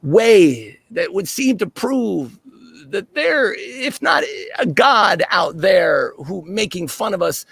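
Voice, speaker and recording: A man performing an earnest, reflective personal storytelling monologue with dramatic swings in pitch and loudness. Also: sing-song, slow pace, gravelly, husky.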